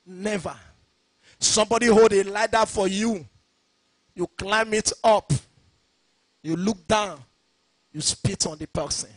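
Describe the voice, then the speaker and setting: A man preaching a sermon, shouting his points and slipping into a sing-song cadence. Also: sits high, fairly even intonation, takes it slowly, long pauses, no room sound. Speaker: pastor.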